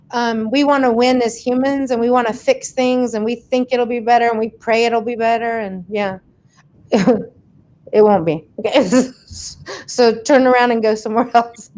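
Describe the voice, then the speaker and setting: A woman's voice: a little high, a little mellow. A woman hosting a casual livestream, chatting and laughing as she reads out viewers' comments and thanks them by name. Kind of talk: casual live chat.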